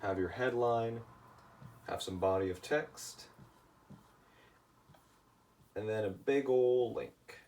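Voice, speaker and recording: A tired man with a worn, shot voice teaches email marketing in a casual lesson, often checking in with "right?" His mid-range voice is a little mellow and sounds far from the mic. He speaks slowly, with long pauses.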